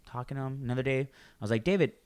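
A swearing, animated male storyteller. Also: mid-range voice, racing, clean tone. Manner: animated storytelling, swears freely, acts out coworkers' lines. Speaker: storyteller in a casual chat. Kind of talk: casual chat.

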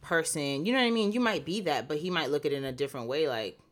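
A woman's voice: deep voice, quick pace. A woman co-hosting a casual podcast, talkative and open, filling her speech with "like" and "you know.". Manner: talkative, many "like" fillers, animated retelling. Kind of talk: casual chat.

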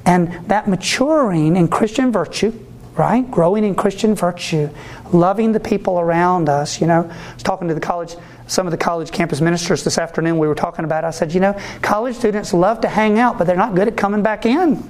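Animated priest preaching to a church audience. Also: male voice, sits high, fairly quick. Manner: animated, acts out quoted voices; asks the audience for agreement. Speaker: Catholic priest. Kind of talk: sermon-style talk to ministry workers.

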